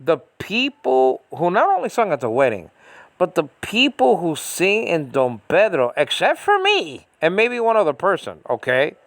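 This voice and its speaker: A man's voice: fairly high pitch, wildly swooping pitch, normal speed, a bit bright, no echo. Exasperated American man ranting. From United States. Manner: exasperated, repetitive, lots of fillers and restarts. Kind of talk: casual ranting monologue. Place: small room at home.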